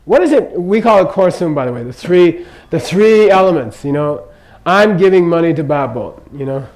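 With lively intonation and a darkish tone, an older man whose voice sits a bit high speaks at normal speed through a relaxed Buddhist teaching. He jokes, digresses and keeps asking "okay?", sounding conversational rather than preachy; the recording is rough.

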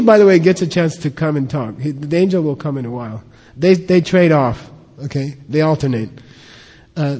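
Brief: male Buddhist lecturer, husky voice pitched a little high, long hall reverb. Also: a little mellow. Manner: explanatory, checks in often with "okay?". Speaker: Buddhist teacher. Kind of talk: lecture on a scripture.

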